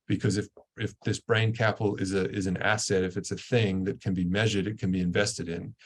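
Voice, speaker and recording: A man giving a webinar presentation, talking earnestly with frequent fillers and restarts. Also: on the low side. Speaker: guest presenter.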